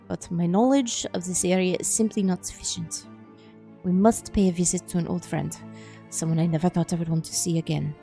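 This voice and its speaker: A woman voicing a grave older male German psychiatrist in a game, with an attempted German accent, speaking in a solemn, measured, hushed way. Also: lowish voice, creaky.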